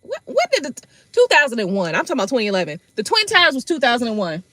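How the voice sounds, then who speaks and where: A woman hosting a live tarot stream, chatting casually with viewers in an animated, profane way and laughing often. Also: fairly high pitch, very fast, background noise.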